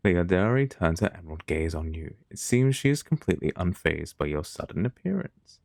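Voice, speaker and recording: Deep voiced guy reading a game on stream, casual asides, dry mic. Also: big pitch swings, fairly quick, vocal fry, hardly any pauses, a little mellow, no echo. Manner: casual, chatty asides with chat.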